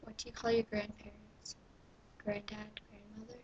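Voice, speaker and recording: A woman's voice: mid-range voice, level tone, normal speed, highs cut off, a little hiss or hum. A young woman with a Canadian accent from Ontario, recorded in a small bathroom as she casually reads questionnaire prompts aloud and answers them in an offhand, dry way. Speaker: vlogger. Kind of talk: casual vlog reading a questionnaire.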